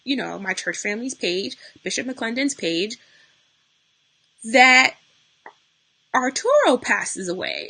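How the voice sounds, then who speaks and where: Tearful woman talking live, bright voice. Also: a little high, big pitch swings, slow, long pauses, breathy edge, poor audio. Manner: tearful, talking through grief, greets viewers mid-sentence. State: losing her voice, near tears. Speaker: livestream host. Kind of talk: unscripted emotional live talk.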